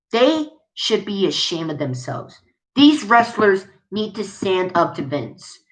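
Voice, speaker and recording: A woman's voice: medium pitch, a bit bright, poor audio. A woman vlogger delivering an angry, profane video rant, repeating her points with indignation.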